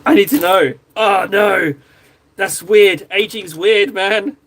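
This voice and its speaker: A man from southwest England with a southern English accent, hosting a live stream and chatting casually, excitable and quick to interrupt himself. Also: high-pitched. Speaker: live-stream host painting miniatures.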